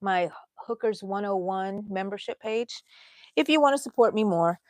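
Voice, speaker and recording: A woman's voice: medium pitch, moderate pace, no echo. A middle-aged woman, hosting a casual crochet livestream, rambling and chatting with viewers as she works.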